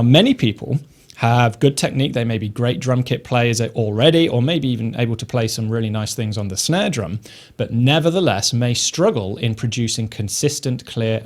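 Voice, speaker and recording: A man teaching snare drum technique, explaining each step calmly and methodically. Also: medium pitch. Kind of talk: instructional explanation.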